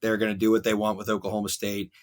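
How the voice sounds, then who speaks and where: A young man co-hosting a sports podcast, ranting at length with animated wrestling and pop-culture riffs. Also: fairly low pitch, very fast. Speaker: podcast co-host.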